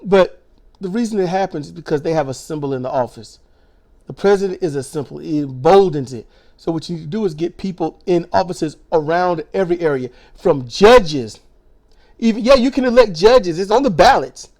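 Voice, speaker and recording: A man in his forties ranting a profane, sarcastic political monologue, his voice strained and hoarse, mocking others in put-on voices. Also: a little high, animated, fairly quick, a little mellow. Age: 40s. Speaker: political commentary vlogger.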